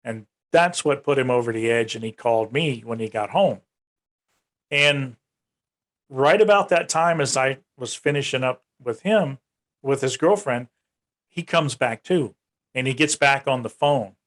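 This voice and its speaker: A man's voice: unhurried, a bit bright. A man guest on a podcast interview, telling a long personal story in a casual way and lifting his voice to act out what others said. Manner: retells events in long runs, raising his pitch to act out quoted speech. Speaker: UFO research organization director, guest.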